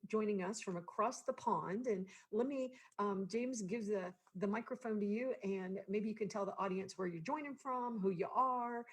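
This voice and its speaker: A woman's voice: medium pitch, slightly rough. A woman hosting an interview show, chatty and laughing easily. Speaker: podcast host. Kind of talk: casual interview chat.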